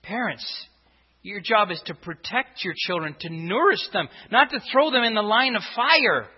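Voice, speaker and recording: A pastor speaks expressively at a normal speed, his voice high and breathy, as he preaches to the congregation. He drives each point home with rhetorical questions, and the church sanctuary recording sounds dull and reverberant.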